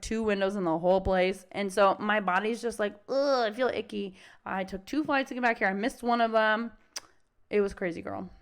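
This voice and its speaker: A young adult woman dog trainer talking casually on a podcast, swearing freely and acting out the voices of dogs and owners. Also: on the high side.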